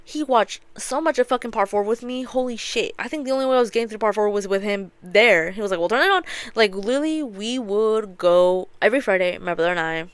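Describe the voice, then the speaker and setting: A woman's voice: mid-range voice, a little fast, few pauses, smooth, no echo. A young woman hosting a podcast, retelling an anime plot in casual chat, swearing freely and acting out the characters' lines. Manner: animated, profane storytelling with acted-out quotes. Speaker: podcast host.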